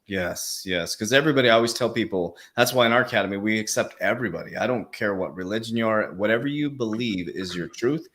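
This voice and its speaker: Man, casual livestream chat, low-pitched, quick-fire, slangy, laughs easily. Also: a bit bright. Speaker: crypto coach, livestream host.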